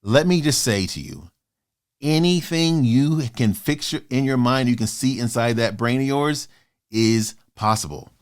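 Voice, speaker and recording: A man in his fifties hosting his own motivational vlog, talking in a passionate, fired-up way with sudden loud bursts. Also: medium pitch, expressive, measured pace, clear, resonant tone. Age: 50s. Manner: acts out doubters in quoted asides. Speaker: author and channel host.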